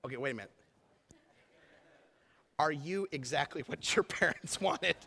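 A man's voice: fairly high pitch, normal speed, bright, forceful tone. A middle-aged man, a pastor, preaching a sermon in an emphatic, conversational way, full of rhetorical questions to the congregation. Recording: echoey hall with long reverb.

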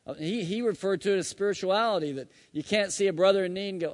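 A man preaching a sermon, telling a personal story with loud bursts that drop to hushed tones. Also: high-pitched, quick pace. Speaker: pastor. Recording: long hall reverb.

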